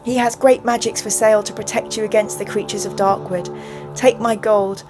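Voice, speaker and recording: Woman voicing a dying old dwarf man, frantic delirious shouts, storybook adventure, faint music behind. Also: mid-range voice, fairly even intonation, normal speed, natural voice. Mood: pleading.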